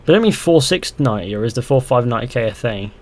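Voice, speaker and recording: Fast and lively, with a mid-range voice, a young man live-streams his gameplay. He reads viewers' comments aloud and meets them with deadpan sarcasm in casual chatter.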